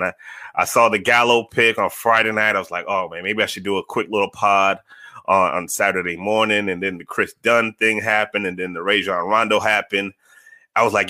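A man's voice: lowish voice, a little fast, sharp tone, no echo. A man hosting a casual sports podcast, talking to his chat viewers and repeating phrases for emphasis. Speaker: podcast host.

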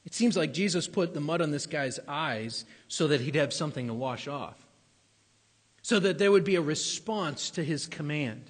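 Husky male preacher in a reverberant hall. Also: a little high, expressive, moderate pace. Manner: conversational, emphatic repetitions, some stumbles. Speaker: pastor. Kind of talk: sermon.

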